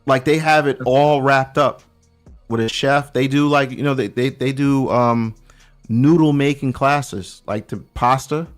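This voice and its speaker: A man's voice: mid-range voice, unhurried, soft background music. A middle-aged man from Brooklyn, telling stories as a guest on a casual podcast. He talks in street slang and restarts his sentences a lot. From Brooklyn, New York. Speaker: guest checking in from abroad.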